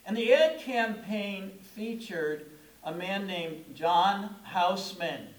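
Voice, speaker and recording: A man's voice: high-pitched, animated, takes it slowly. A middle-aged man preaching a sermon as pastor, telling stories in a conversational way and leaning hard on key words. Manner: conversational, storytelling preaching with emphatic stresses. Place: church sanctuary. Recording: echoey room.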